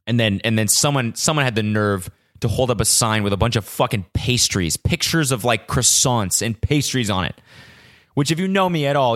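A young man from California hosting a casual solo podcast, animated and profane, mimicking the voices of others as he tells a story. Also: medium pitch. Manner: animated, swears a lot, mimics cheering voices. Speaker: podcast host.

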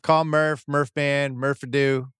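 Here a middle-aged sports podcast host with a clean, medium-pitched voice takes a slow pace through a long, chatty story about home life. He acts out what everyone said with animated quoted voices, recorded dry and close in a studio with no room sound.

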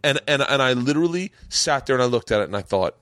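A man's voice: mid-range voice, expressive, fast talker, a bit bright, dry recording, studio quality. A man hosting a podcast, telling a story in a rambling, heartfelt way with lots of restarts. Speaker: podcast host. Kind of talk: casual podcast chat. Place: home studio.

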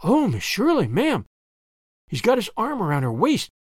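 A man's voice: high voice, sing-song, normal speed, no echo, clean studio sound, heavily acted. A man voicing a gossipy, eager young female housemaid who chatters breathlessly in rustic grammar. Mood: excited.

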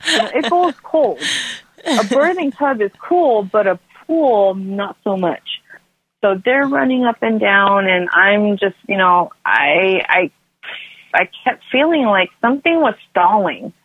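Female guest, conversational storyteller, loose and rambling, mid-range pitch, phone-quality sound. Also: expressive, unhurried, husky, dry recording. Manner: rambling, with frequent restarts and "like" fillers. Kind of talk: personal storytelling. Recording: tinny phone line, dry.

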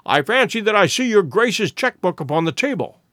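Guy reading as a cool unbending detective, precise and clipped, lively pitch, dry close sound. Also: dry recording. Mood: cool, measured. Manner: cold, measured, inexorable. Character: cold, inexorable male detective, sharp and precise.

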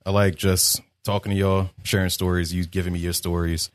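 A man's voice: deep voice, little pitch movement, a little fast, dry recording. A man hosting a casual gaming podcast, reading out listener questions in a laid-back, profane way. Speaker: streamer, podcast host.

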